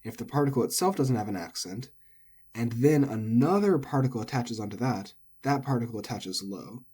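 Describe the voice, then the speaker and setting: A man's voice: mid-range voice, expressive, normal speed, a little mellow, husky. A man, an English speaker, giving a casual recorded language lesson, thinking aloud with frequent ums and self-corrections. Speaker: language teacher.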